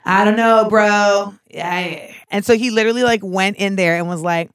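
A woman in her thirties hosting a casual comedic chat, animated and profane, slipping in and out of mocking voices. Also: mid-range voice, moderate pace, smooth, no room sound, clean studio sound.

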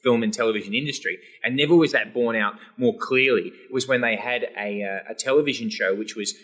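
An Australian man with a bright, forceful voice tells stories in a relaxed chat. He talks in bursts, restarting his sentences as he builds up to the punchline. He sits at a middle pitch for a man. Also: a little fast. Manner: animated storyteller with many restarts. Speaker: guest. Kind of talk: casual chat.

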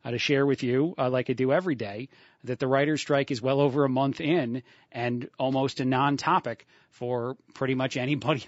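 A man's voice: medium pitch, no room sound, highs cut off. A man from the East Coast hosting a radio talk show, chatting casually and rambling with many fillers.

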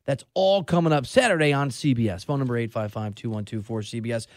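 A man's voice: medium pitch, fast talker, no echo, studio quality. A man in his forties hosting a sports radio show, chatty and opinionated in a casual monologue. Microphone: studio microphone.

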